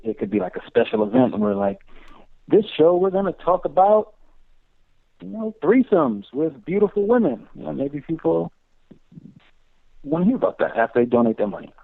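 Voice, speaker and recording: Male guest, gravelly voice that swings up and down, tinny phone line, chatty. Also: high voice, sing-song, normal speed, pauses often. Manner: chatty, with a lot of fillers and restarts. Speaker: podcast guest. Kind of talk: casual comedic chat.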